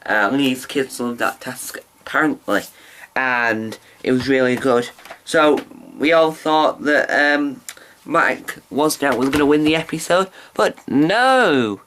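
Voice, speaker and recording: Male vlogger, bright tone, loose chatty delivery full of restarts, on-camera mic. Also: medium pitch, steady tone, measured pace, a little hiss or hum. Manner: rambling, chatty, many restarts and ums. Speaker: vlogger reviewing a TV show. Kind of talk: casual review vlog.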